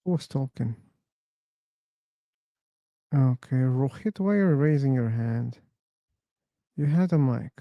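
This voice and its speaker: A man's voice: medium pitch, slow, pauses often, dry recording, highs cut off. A man hosting an online voice-chat room, rambling casually, laughing and swearing as he tells stories.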